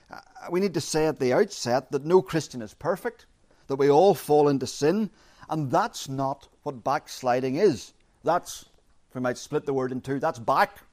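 A man preaching an expository sermon, measured and emphatic, repeating his key phrases. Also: on the high side, a little mellow.

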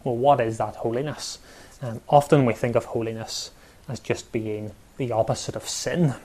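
A man preaching a sermon, measured and emphatic, with pauses and repeated words for stress. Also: mid-range voice, fairly even intonation, mellow.

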